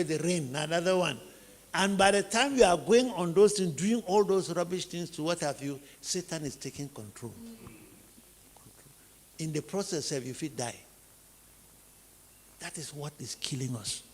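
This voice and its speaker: With a fairly high voice at normal speed, this man pauses at length while a long reverb trails behind his words. A teacher with a Nigerian accent, he preaches on family life, reinforcing his points with repeated phrases and rhetorical questions.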